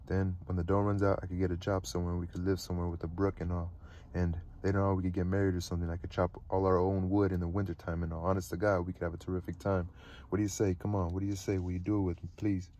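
A man reading the lines of a restless, cynical teenage boy who swears and gripes, rising into excited pleading. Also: low-pitched, quick pace, dull audio, close to an everyday voice. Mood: griping.

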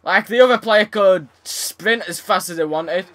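A man's voice: high voice, unhurried, a bit bright. A young man commentating his tennis game, frustrated, swearing and sarcastic. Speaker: gaming YouTuber. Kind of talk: let's play commentary.

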